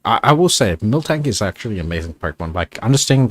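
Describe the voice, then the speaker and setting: A male guest rambles through stories, packing them with fillers and giggling often. His voice is low but swings widely in pitch, and it sounds dry and close to the mic. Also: big pitch swings, fast talker, few pauses, no echo. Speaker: guest co-streamer. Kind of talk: casual chat.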